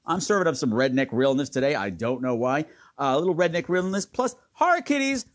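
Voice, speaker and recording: Campy guy chatting on a live stream, high voice that bounces all over. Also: sing-song, brisk, few pauses. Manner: campy, teasing, playful. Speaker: host. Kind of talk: casual live-stream chat.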